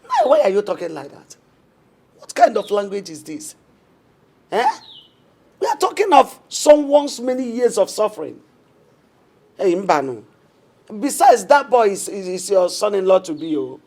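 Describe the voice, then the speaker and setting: A woman's voice: mid-range voice, wildly swooping pitch, moderate pace, long pauses, mellow. An actress playing a worried, reproachful middle-aged Nigerian mother. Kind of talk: Nollywood film acting.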